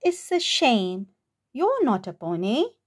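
A woman's voice: on the high side, wildly swooping pitch, takes it slowly, husky, heavily acted. A woman voicing a cheerful male dog who playfully teases, in a children's picture book reading. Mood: teasing. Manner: playful, teasing.

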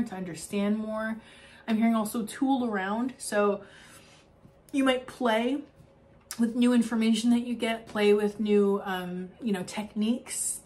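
Young woman, mid-pitched, doing a spiritual card reading; gushing, rambling, laughs a lot. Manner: effusive, rambling, with frequent laughs and fillers. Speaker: oracle card reader.

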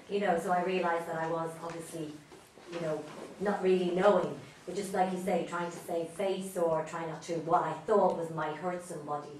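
A woman's voice: fairly low pitch, steady tone, a little fast, slight background noise. Distant echoey woman sharing a story. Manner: conversational, thoughtful, with hesitations. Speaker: course participant, mother. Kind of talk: sharing a personal story in class.

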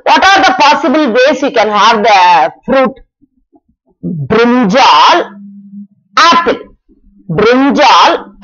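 A woman explains a math lesson at an unhurried pace, her pitch rising and falling a great deal. She asks her own questions and answers them, repeating each step for the class. The recording sounds dull and lo-fi. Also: a bit bright. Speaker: math teacher.

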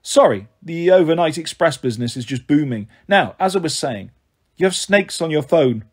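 An easygoing, sly middle-aged god with a casual charm, read by a male narrator. The voice moves around a lot in pitch. It sounds a touch husky. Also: lively intonation, moderate pace. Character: relaxed, sly male messenger god in his forties.

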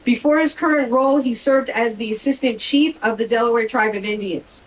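Woman reading a formal welcome. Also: on the high side. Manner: formal, measured, reading an introduction. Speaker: park service official introducing a guest. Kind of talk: formal prepared welcome speech. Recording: distant mic with faint background noise.

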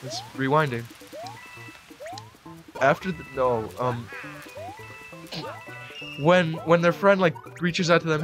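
A young man in his late teens giving rambling let's play commentary into a desk mic, breaking into sudden excited yelps. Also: fairly high pitch, measured pace, pauses often, music in the background. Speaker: gamer.

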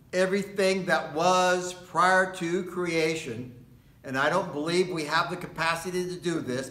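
Slow, deliberate preaching man in an echoey room. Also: a little high, pushed and bright. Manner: slow, deliberate preaching with long pauses and emphatic repetition. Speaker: pastor. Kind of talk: sermon. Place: indoor worship space at a retirement community.

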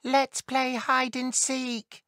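A woman voicing a young, homesick boy elf in a storybook reading, in slow, gentle delivery. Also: high voice, flat delivery, dry recording, voice pushed up, full character voice. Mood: eager.

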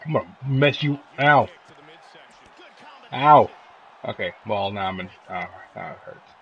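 With a lowish, expressive voice and a slightly slow pace, a young man commentates his own fighting-game match as a gaming video host. He swears, jokes and loudly trash-talks the computer opponent. The sound is lo-fi.

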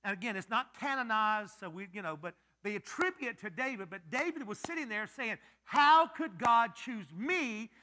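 High, bright-voiced male preacher. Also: brisk, few pauses. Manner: animated, joking, quizzing the congregation. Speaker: pastor. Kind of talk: sermon.

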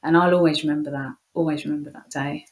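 A woman's voice: low-pitched, fairly even intonation, fast. A woman with an English accent, a guest in an interview, telling a heartfelt personal story with frequent restarts. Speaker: interview guest, youth leader. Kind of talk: conversational interview.

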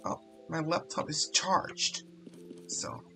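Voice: mid-range voice, flat delivery, slow, gravelly, over music. A channel host giving casual commentary while playing an online game, who mumbles and often trails off into exasperated exclamations. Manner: frequent exasperated exclamations and swearing. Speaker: Roblox gameplay streamer.

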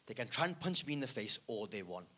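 A male comedian acting out a calm, firm friend who refuses flatly and in a low voice. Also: fast, breathy edge, exaggerated voice. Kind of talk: stand-up act-out.

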